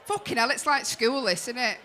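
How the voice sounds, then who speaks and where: A woman's voice: a little high, expressive, brisk, pushed and bright. A woman with a Liverpool accent, compering a comedy night on stage with brash, sweary banter aimed at the crowd. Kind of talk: stand-up compering.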